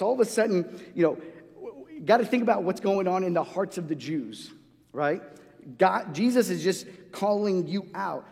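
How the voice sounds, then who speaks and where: A man's voice: high-pitched, lively intonation, normal speed, vocal fry, a little mellow. A man preaching a sermon in a loose, conversational way, restarting phrases often and acting out the voices he quotes. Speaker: pastor. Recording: long hall reverb.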